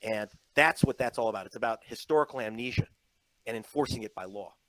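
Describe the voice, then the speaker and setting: A man's voice: mid-range voice, fast talker, a bit bright, no echo, poor audio. A man speaking as a journalist guest in an interview, emphatic and storytelling, slipping into mocking quoted voices. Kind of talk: animated interview talk. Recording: played from an online interview.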